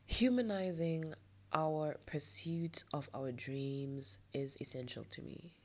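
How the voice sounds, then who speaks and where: Late at night, a young woman hosts her own podcast with a blocked nostril, speaking slowly in an extremely low, fairly even voice. She rants candidly and with some frustration through this personal monologue, letting out soft laughs along the way.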